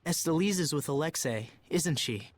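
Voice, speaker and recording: An actor voicing an earnest young prince in a video game, speaking in a formal, measured, polite way. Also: male voice, fairly high pitch, lively intonation. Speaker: game character.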